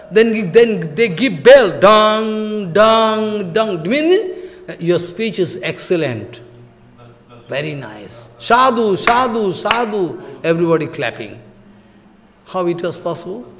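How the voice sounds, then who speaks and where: A man giving a devotional talk as a spiritual teacher. He tells a story in simple non-native English, acts out the quotes and keeps asking if listeners follow. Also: high-pitched. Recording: long hall reverb.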